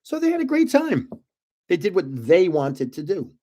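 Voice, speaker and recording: Hosting a card-collecting stream, an older man tells meandering family anecdotes, laughing at his own jokes. He speaks at a moderate pace in a high, dark-toned voice with huge swings in pitch.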